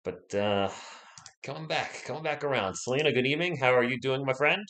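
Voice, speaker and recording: A man chats loosely through a sports livestream, rambling from topic to topic and greeting viewers by name. His voice sits at a middle pitch and sounds a little worn as he gets over being sick. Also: a little fast, fairly bright tone. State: voice recovering from illness. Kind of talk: casual livestream chat.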